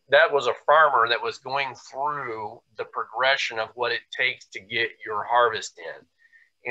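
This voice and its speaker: A man hosts a business talk to agents. He has a very bright, forceful voice at a middle pitch. He explains earnestly and builds on analogies. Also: muffled recording. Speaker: host.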